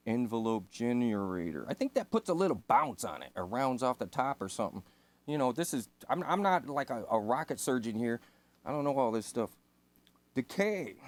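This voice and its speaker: A man reading a synthesizer manual aloud and breaking off into laid-back, self-deprecating commentary with casual swearing. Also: mid-range voice. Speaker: synth hobbyist host.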